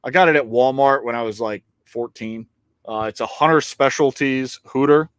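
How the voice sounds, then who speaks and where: A man's voice: medium pitch, moderate pace, a bit bright, clean tone, dry recording. Boastful man with a dry sound. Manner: boastful, swears, trails off with fillers. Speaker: co-host. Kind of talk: casual podcast chat.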